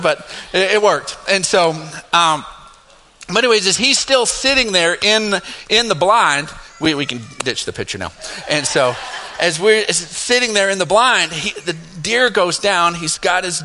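Middle-aged male pastor, high bright voice, animated storytelling sermon, long hall reverb. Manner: animated, laughing asides, rising to emphatic highs. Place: church sanctuary.

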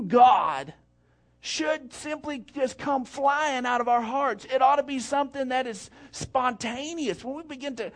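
A man with a high voice preaching a sermon as a pastor. He tells a homespun story in a relaxed, folksy way and drops in quick asides.

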